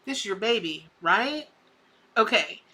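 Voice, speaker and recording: Bright, folksy Southern woman. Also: medium pitch, lively intonation, a little slow, a little hiss or hum. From American South. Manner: folksy and effusive, calls viewers honey and baby. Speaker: tarot reader hosting a live charity stream. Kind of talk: live-stream tarot reading.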